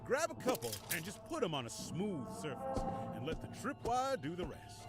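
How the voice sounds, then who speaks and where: An actor playing a gruff, defiant junkyard owner in video game dialogue, swearing and tough. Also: male voice, sits high, huge pitch swings, moderate pace, over loud music.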